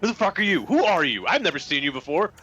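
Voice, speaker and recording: A man's voice: high-pitched, sing-song, fast, bright, forceful tone, husky, pitched above the performer's own voice, exaggerated voice, poor audio. A man voicing a suspicious young male wizard who escaped captivity, talking urgently with stammers.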